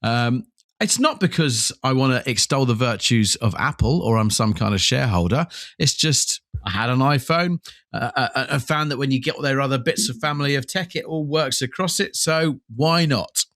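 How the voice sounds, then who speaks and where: In studio-quality audio without room sound, a man co-hosting a podcast rambles through a self-deprecating story at normal speed. His mid-range voice is a bit bright, and his casual chat is peppered with ums.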